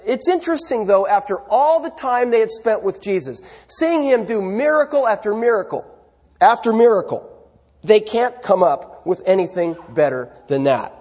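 Husky-voiced preacher in a reverberant hall. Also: male voice, high voice, lively intonation, moderate pace, a little mellow. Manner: conversational preaching, rhetorical questions to the congregation. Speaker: pastor. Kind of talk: sermon.

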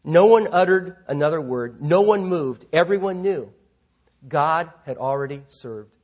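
A middle-aged male pastor delivers a sermon, relaxed and conversational with self-deprecating asides, before slipping into a vivid story. His voice is husky, fairly high, and a little slow.

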